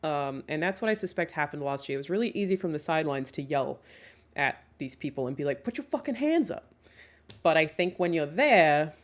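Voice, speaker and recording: A woman's voice: sits low, fairly quick. A young woman streamer chatting casually with her viewers and reading their questions aloud. She swears freely, laughs often and fills her talk with "um"s.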